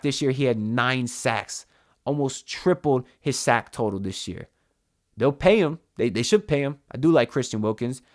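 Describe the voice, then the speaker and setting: A man's voice: mid-range voice, fairly bright tone. A young man venting in a ranting, frustrated way about his football team, often repeating words as he talks. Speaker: sports fan vlogger. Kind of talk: ranting sports vent.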